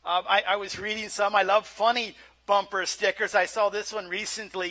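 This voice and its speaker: A man's voice: high voice, level tone, moderate pace, sharp tone. A male pastor preaching a sermon in a conversational way, often repeating words as he starts a phrase.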